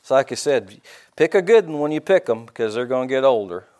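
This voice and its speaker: A middle-aged pastor preaches in church in a folksy, joking style, punctuated often by amens and hallelujahs. His mid-range voice is a little mellow, with lively intonation and a slightly fast pace.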